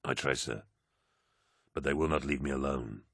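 An earnest soldier captain weighed down by shame, speaking in a subdued, heavy tone, as a male audiobook narrator puts him on. The voice is extremely deep and recorded dry and close. It stays low and sincere throughout. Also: moderate pace, a bit bright, no room sound, exaggerated voice. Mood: troubled. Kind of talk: audiobook character voice.

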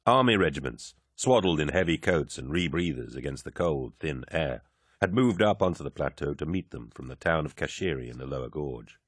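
Very deep male audiobook narrator. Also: expressive, fairly quick, husky, no room sound, studio quality. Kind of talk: scripted narration.

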